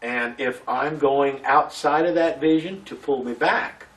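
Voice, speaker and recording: A man recalling his stage roles in a relaxed interview, lively in pitch, talking in bursts and starting over mid-sentence. He sounds a little distant from the mic. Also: a little slow. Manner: animated storytelling, many restarts. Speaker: community theater actor, interview guest. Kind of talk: casual interview.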